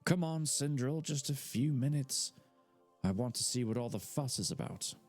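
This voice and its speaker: A man's voice: medium pitch, lively intonation, moderate pace, faint music behind, pitched above the performer's own voice. A man voicing a mischievous, eager young boy teasing his sister. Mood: cheeky. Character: young boy, cheeky scheming little brother.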